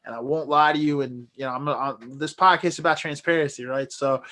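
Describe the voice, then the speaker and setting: Fast-talking earnest male podcast host. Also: medium pitch, fairly even intonation, bright, forceful tone. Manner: earnest, motivational, lots of fillers. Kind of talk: casual podcast chat.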